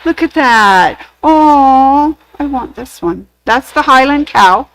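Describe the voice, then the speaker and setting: A woman's voice: high voice, animated, slow, fairly bright tone, dry recording, rough recording. A woman hosting a sewing shop's live show, gushing over craft samples and telling corny jokes in casual chat.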